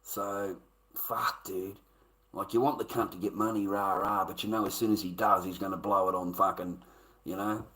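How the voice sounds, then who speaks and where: A man's voice: fairly low pitch, steady tone, normal speed, fairly bright tone, rough recording. An Australian man talking casually to his live-stream audience, coarse and emphatic, swearing often.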